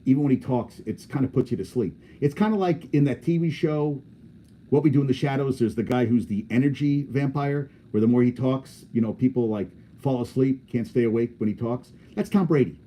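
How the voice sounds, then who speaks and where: A man's voice: medium pitch, brisk, dark tone. A man hosting a sports podcast, talking casually in a blunt, opinionated, rambling way.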